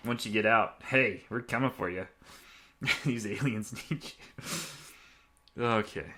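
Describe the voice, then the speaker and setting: A young man hosting a podcast, giving a rambling, excitable movie review and laughing often. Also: fairly low pitch, unhurried. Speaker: podcast host.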